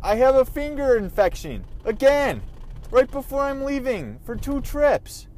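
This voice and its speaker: A man's voice: very high-pitched, sing-song, a little slow, a little mellow, low-quality recording. A man vlogging from his car, ranting in an irritated, profane way while he drives. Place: in a car on the road.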